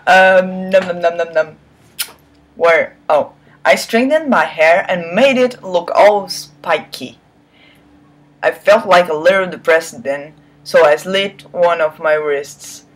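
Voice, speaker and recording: A woman's voice: on the low side, takes it slowly. A woman giving a mocking dramatic reading of a fan story, breaking off for sarcastic asides. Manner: sarcastic asides between read lines; swears and laughs at the text. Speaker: reader of fan fiction.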